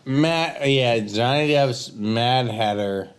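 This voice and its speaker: A man's voice: mid-range voice, slow, clear, resonant tone. A man co-hosting a podcast, asking pointed questions and making dry remarks about a movie. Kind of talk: casual movie discussion.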